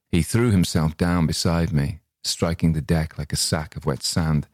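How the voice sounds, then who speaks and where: A man reading a short story aloud as its narrator, in a measured, unhurried way. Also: extremely low pitch, fairly even intonation, darkish tone, no room sound, studio quality. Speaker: story reader.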